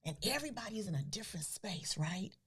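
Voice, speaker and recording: A middle-aged woman who founded a grief foundation, speaking earnestly as a podcast guest, with soft, breathy trailing phrases. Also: mid-range voice, very animated, fast. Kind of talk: podcast interview.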